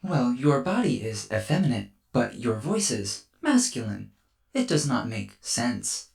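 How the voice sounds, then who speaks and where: A man voicing a small, bubbly robot child who speaks in flat, literal, formal phrases. He is a game master playing this figure in a tabletop game. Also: mid-range voice, measured pace, creaky, faint music behind. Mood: curious. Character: cheerful small robot child, blunt and curious.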